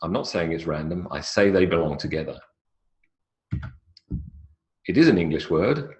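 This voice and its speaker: A man's voice: deep voice, very animated, quick pace, a little mellow. A man giving a live online English pronunciation lecture in a chatty, explanatory way. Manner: chatty, explanatory, stretches words for emphasis.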